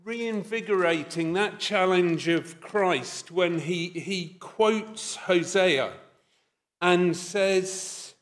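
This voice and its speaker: Speaking extremely slowly in a high-pitched voice, this middle-aged conference speaker with a Scottish accent gives a reflective talk in a conference hall. He often hesitates with fillers and pokes fun at himself.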